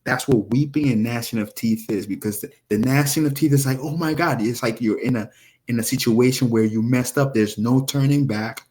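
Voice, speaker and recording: A man giving casual scripture commentary to his viewers, animated and rambling, talking straight to them. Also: medium pitch, moderate pace. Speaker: religious video preacher.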